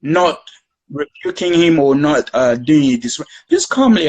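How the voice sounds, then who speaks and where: Earnest man giving calm advice. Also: fairly high pitch, a little slow, slightly rough, rough recording. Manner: acts out parent-child conversations in quoted speech. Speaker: guest speaker. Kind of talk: live discussion.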